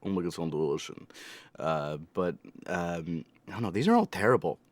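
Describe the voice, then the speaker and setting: A man's voice: sits low, expressive, normal speed, dry recording. A man hosting a reaction video, chatting casually and rambling with jokes, fillers and self-corrections. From United States.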